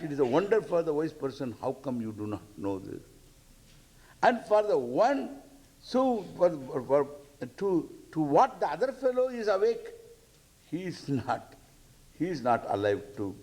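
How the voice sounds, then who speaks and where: A man's voice: medium pitch, darkish tone. An older man, giving a scripture lecture with jokes and chanted verses. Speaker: spiritual teacher.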